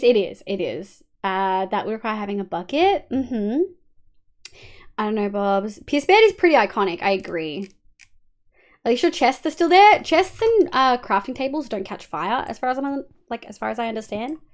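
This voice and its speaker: An Australian woman streaming a game live, talking casually and swearing often as she chats with viewers over a headset. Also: medium pitch.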